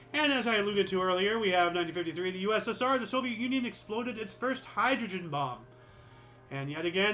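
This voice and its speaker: Male host, high bright voice, chatty, sarcastic asides, voice a bit dry and cracking. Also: low-quality recording. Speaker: host of a history show. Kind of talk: casual commentary reading dates.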